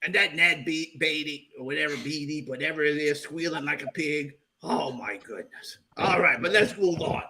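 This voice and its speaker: A man's voice: a little high, normal speed, few pauses, pushed and bright, slight background noise, pitched below the performer's own voice. A man putting on a boastful, hammy character host who talks in a showy, rambling, folksy way. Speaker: segment host. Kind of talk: comic character bit on a livestream chat show.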